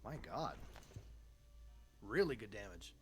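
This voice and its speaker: A man's voice: lowish voice, very animated, slow pace. A man running a livestreamed tabletop game as dungeon master, upbeat and encouraging toward his players, calling them "dude.".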